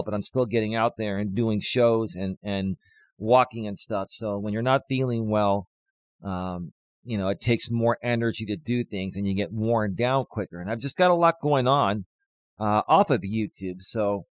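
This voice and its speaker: A man hosting a life coaching live stream, speaking with a slight cold and a little out of breath, repeating his main points slowly for emphasis. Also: lowish voice, dry recording. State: has a cold, a bit out of breath.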